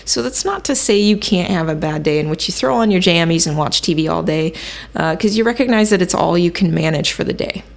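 A woman hosting a self-help podcast, teaching in a calm, measured way and thinking aloud with occasional fillers. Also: fairly low pitch, gravelly. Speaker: podcast host.

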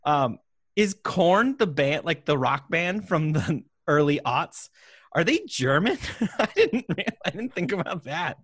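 A man's voice: fairly high pitch, very animated, a little slow, a bit bright, slightly rough, no room sound. A man co-hosting a podcast, chatting casually and laughing often as he reviews a product. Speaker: podcast co-host.

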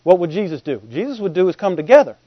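A man's voice: sits high, sing-song, quick pace, no room sound, muffled recording. A middle-aged man, preaching a sermon in a folksy, conversational way and often asking the congregation if they follow. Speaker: pastor.

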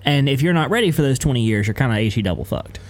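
A man's voice: mid-range voice, animated, fast talker. A young man co-hosting a podcast, riffing on comic bits with plenty of swearing. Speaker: podcast co-host. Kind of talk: casual chat.

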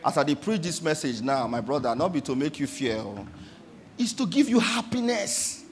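Impassioned high-voiced preacher. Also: male voice, big pitch swings, normal speed. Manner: impassioned, swings from quiet to shouting. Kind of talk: sermon.

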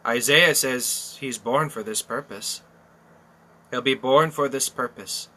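Bible teacher, man, slow and deliberate, sharp bright tone, emphatic with rhetorical questions. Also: medium pitch. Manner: emphatic, repeats phrases, asks rhetorical questions.

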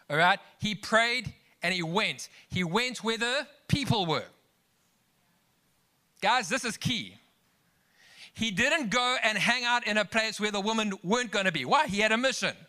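Here a pastor delivers a forceful sermon, blending Bible passages with anecdotes shared as asides to his listeners and building to rising exclamations. He speaks a little slowly in a high-pitched, animated voice with a sharp edge.

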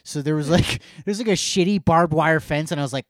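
A man's voice: fairly high pitch, fairly quick, dry recording, clean studio sound. A man co-hosting a podcast in casual chat, telling a story with lots of swearing and rants. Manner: profane, ranting storyteller. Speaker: podcast co-host.

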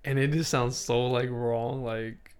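A man in casual podcast chat, laid-back and often laughing as he tells drawn-out stories. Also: medium pitch, fairly even intonation, clean tone.

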